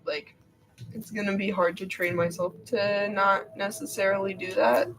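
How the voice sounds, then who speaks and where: A woman's voice: medium pitch, level tone, normal speed, over music, poor audio. A woman gaming streamer giving casual, rambling, self-deprecating commentary into a desk microphone.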